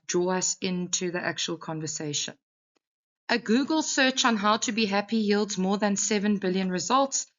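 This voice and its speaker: A woman's voice: mid-range voice, fairly bright tone, muffled recording. Woman teacher explaining step by step. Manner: instructive, talks through a text, frequent "okay" checks. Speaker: English teacher. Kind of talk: exam revision lesson.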